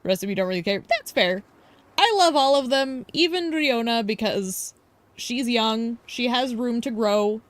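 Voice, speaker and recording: A woman's voice: fairly high pitch, unhurried, no room sound. A young woman streamer giving casual game commentary, gushing and giggly with playful drama.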